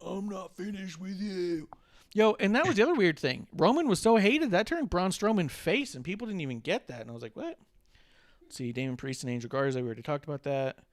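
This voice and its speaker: A man co-hosting a casual wrestling podcast, animated and profane, joking and acting out quotes. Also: fairly high pitch, fast talker, no room sound, studio quality. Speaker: podcast co-host.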